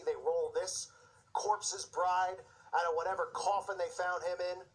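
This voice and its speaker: A man's voice: fairly high pitch, low-quality recording. A man giving impassioned video commentary, fired up and sarcastic, slipping into mocking voices. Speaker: Christian commentator.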